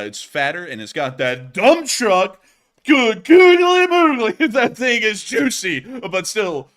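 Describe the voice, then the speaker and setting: A man hosting a casual live stream, excitable and laughing often, with sudden loud exclamations. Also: medium pitch. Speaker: livestream host.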